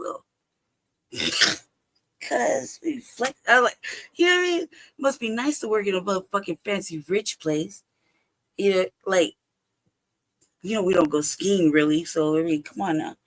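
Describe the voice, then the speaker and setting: A mid-pitched host on a home livestream rambles through a personal story in casual talk. The speech is full of cursing and frequent laughter, and the speaker plays out both sides of a remembered conversation. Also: a little fast, fairly bright tone.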